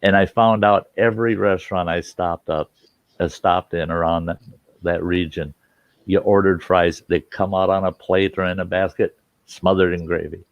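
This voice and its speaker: A man hosts a casual live stream, spinning folksy road stories and animatedly acting out the people in them. His voice sits low and moves at a normal speed. The recording has no echo, but the highs are cut off.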